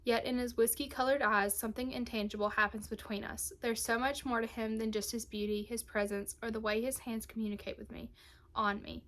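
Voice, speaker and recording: A woman's voice: fairly high pitch, level tone, fairly quick, a bit bright. Gushing young woman. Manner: gushing, emotional, drops into a whisper at times. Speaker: booktube vlogger. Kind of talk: casual book review chat.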